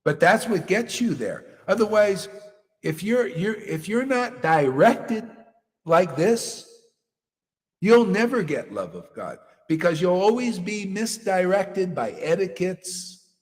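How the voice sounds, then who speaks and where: A man preaching a devotional sermon in a bold, blunt, emphatic way, his voice sitting fairly high. A long reverb trails after each phrase, as if he is in a large hall. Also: animated, takes it slowly. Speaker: spiritual teacher.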